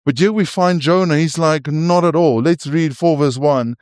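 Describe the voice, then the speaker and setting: A man's voice: fairly high pitch, normal speed, darkish tone. A man delivering a sermon in a somewhat raised voice. He is earnest and keeps restarting his phrases, and he turns often to his listeners. The sound is close and dry, with no room echo. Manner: earnest, stumbling restarts, rhetorical asides to listeners. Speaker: preacher.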